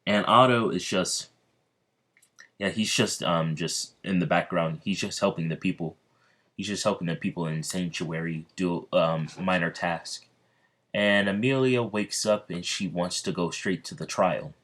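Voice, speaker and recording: Rambling deep-voiced male storyteller. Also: fairly bright tone. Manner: rambling, halting, many fillers and restarts. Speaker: fan storyteller. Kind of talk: casual fan-fiction narration.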